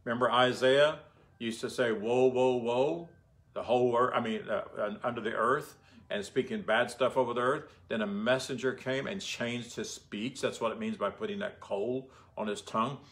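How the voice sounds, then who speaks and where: A man's voice: mid-range voice, steady tone, moderate pace, fairly bright tone. A man giving informal Bible teaching in a conversational way, often asking his listeners rhetorical questions.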